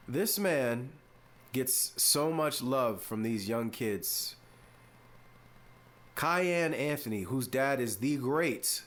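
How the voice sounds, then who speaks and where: A man hosting a sports podcast, giving casual, mock-exasperated opinion commentary with drawn-out, playful emphasis. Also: medium pitch, a bit bright.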